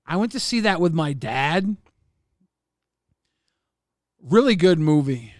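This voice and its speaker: A man hosting a livestream, casually reading viewer messages and rambling with plenty of swearing in a deadpan way. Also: fairly high pitch, slow pace, dry recording, clean studio sound. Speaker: stream host.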